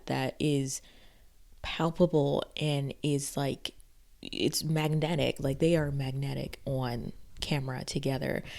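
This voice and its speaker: A woman's voice: low-pitched, vocal fry, a little mellow. A woman from the South, reviewing a TV series in a casual, gushing vlog. She talks emphatically, repeats her praise and says "like" often. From Southern United States. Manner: gushing and emphatic, leans heavily on "like".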